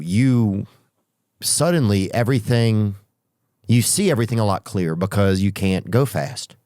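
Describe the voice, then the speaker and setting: A man hosting a podcast, telling rambling comic stories with profanity and drawn-out asides. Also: on the low side, a little mellow, no echo, studio quality. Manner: profane, drawn-out asides, sudden character voices. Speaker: podcast host.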